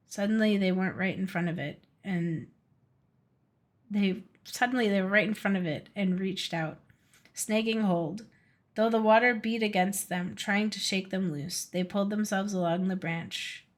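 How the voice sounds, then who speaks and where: Woman, game streamer, reading a fairy tale aloud, mid-pitched voice, steady with slips. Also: unhurried.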